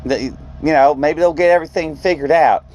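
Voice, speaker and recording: A man's voice: a little high, fairly quick. A man, a truck driver, telling a story in a vlog and acting out the people in it. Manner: animated storyteller, acts out quoted voices.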